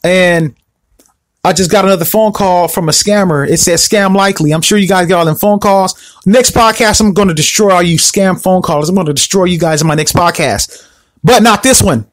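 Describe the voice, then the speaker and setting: A man hosting a solo podcast, ranting in an animated, repetitive, confrontational way. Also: high voice, brisk, dry recording. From Southern California. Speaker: podcast host.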